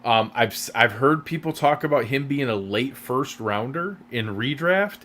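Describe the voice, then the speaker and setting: A man's voice: medium pitch, lively intonation, normal speed, fairly bright tone. Male podcast co-host, mid-range voice, loose rambling delivery full of restarts. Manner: rambling, hesitant with many restarts. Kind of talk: casual sports chat.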